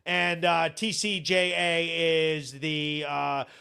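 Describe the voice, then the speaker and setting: A man's voice: fairly high pitch, little pitch movement, slow, creaky, sharp tone, clear, resonant tone. A man hosting a live show, ranting bluntly and sarcastically in casual commentary, swearing freely. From Vermont.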